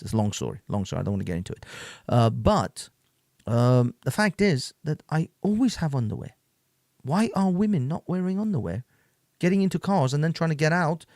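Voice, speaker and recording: A man's voice: fairly high pitch, darkish tone, dry recording. Rambling man ranting, dry close sound. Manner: rambling, repeats words, laughs often. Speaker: host reacting to clips. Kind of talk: casual ranting commentary.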